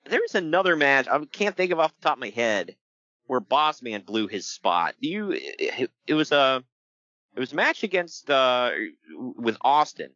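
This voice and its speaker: A man chatting casually on a podcast about wrestling, laughing often and acting out quotes in a high voice. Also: big pitch swings, normal speed, sharp tone, no echo, muffled recording. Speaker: podcast host.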